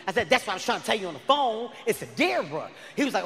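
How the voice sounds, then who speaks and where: High, bright, shouting male comedian. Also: animated, fairly quick. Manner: loud, shouting, frantic storytelling. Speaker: stand-up comedian. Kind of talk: stand-up storytelling. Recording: live in a large hall with reverb.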